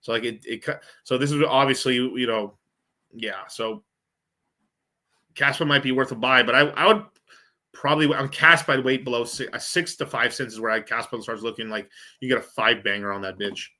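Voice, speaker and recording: A man's voice: medium pitch, fairly even intonation, normal speed, pushed and bright. A man hosting a crypto livestream, chatting casually and profanely as he rambles through charts. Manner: profane, rambling, thinking aloud. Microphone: streaming setup mic.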